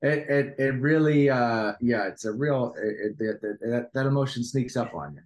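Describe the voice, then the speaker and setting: Middle-aged guy on a podcast, rambly, lots of stammery restarts, regular pitch. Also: expressive, normal speed. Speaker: podcast co-host. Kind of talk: casual chat.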